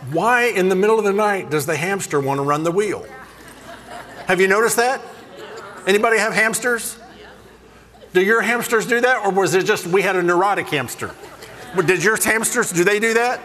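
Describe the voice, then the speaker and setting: Male preacher, fairly high, animated comic storyteller, reverberant hall. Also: moderate pace, long pauses. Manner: animated, jokey, self-deprecating. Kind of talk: humorous sermon storytelling.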